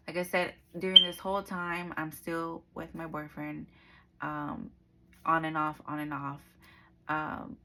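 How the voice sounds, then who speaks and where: Young woman, bright forceful tone, chatty testimony full of "like" and quoted dialogue. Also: sits low, creaky, low-quality recording. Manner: conversational, with frequent fillers and quoted dialogue. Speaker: speaker giving a personal testimony. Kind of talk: casual spoken testimony.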